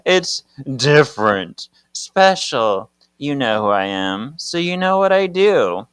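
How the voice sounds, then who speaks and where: A man's voice: mid-range voice, very animated, slow, a bit bright, clean tone, no echo. A man reading the lines of a menacing, arrogant female witch villain from a comic, taunting and self-assured. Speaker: podcast co-host reading comic aloud.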